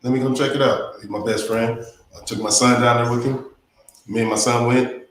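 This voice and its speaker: Speaking a little fast in a mid-range voice, a guest yoga teacher tells a casual story of how he came to yoga. He's animated and voices his friends' lines, and the room is echoey with faint background noise.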